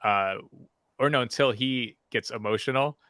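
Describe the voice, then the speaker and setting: A man co-hosting a casual movie review chat, enthusiastic and quick to laugh. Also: mid-range voice, bright, forceful tone, dry recording. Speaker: podcast co-host.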